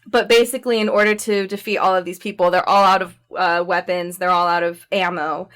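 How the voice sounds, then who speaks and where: Chatty woman with a smooth voice. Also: fairly low pitch, fairly quick. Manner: chatty, animated storytelling with frequent fillers and laughs. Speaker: podcast co-host. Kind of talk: casual chat recapping a movie.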